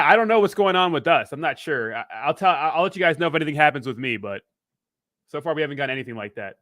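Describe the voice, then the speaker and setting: A man's voice: on the high side, a bit bright, no room sound, clean studio sound. Joking man hosting a livestream. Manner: rambling, joking, reads chat aloud. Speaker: crypto livestream host. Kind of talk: casual livestream chat.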